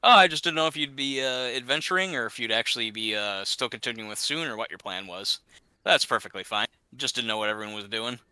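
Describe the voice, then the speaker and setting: A man's voice: medium pitch, fast, sharp tone, smooth, no echo. A man chatting casually and rambling while playing a game, laughing at himself often. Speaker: gamer. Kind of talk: casual gaming chat.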